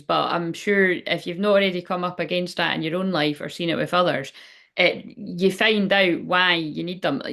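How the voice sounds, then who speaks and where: Lady in her middle years doing a chatty tarot reading, frank and rambly, swears freely. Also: fairly low pitch. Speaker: tarot reader. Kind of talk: casual spiritual reading chat.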